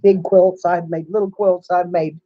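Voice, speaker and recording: An older woman on the low side of the pitch range talks at a normal speed with a level tone. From her home room with a sewing setup, she hosts a chatty livestream, telling stories, laughing a lot, and greeting viewers mid-story as they join. The recording is muffled, with no echo.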